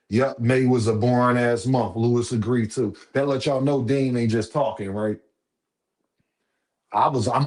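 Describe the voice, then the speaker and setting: A man's voice: medium pitch, fairly even intonation, moderate pace, darkish tone. A man hosting a casual boxing live stream, talking straight to his viewers in a preachy, repetitive, profane way.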